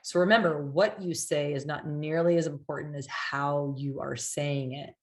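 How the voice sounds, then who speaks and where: A woman with a low voice explains hypnosis inductions in a relaxed, chatty lesson. She scatters "like" and "right?" through her talk and now and then slips into a client's voice or a soothing hypnotist line. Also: normal speed, hardly any pauses. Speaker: hypnosis coach. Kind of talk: casual teaching talk.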